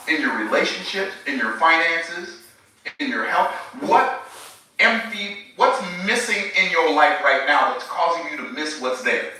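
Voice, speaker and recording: A man preaching with emphatic, searching questions aimed at his viewers. His voice is bright and a little high, and it rings through a very echoey room while he stands well back from the mic. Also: distant mic. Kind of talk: live-streamed sermon.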